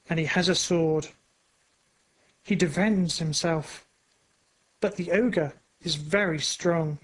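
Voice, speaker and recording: A narrator reading a storybook aloud for language learners in a clear, carefully paced way. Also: medium pitch, rough recording.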